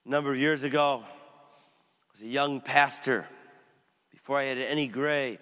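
A middle-aged male pastor preaching a sermon and telling a story, swinging from loud emphatic passages to quiet low ones. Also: steady tone, measured pace, long reverb tail.

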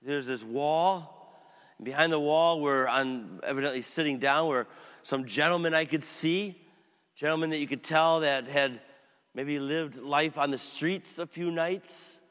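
Middle-aged male pastor, bright, slightly high voice, long church reverb, story-driven sermon. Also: unhurried. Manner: storytelling, swings from loud emphatic to quiet and low.

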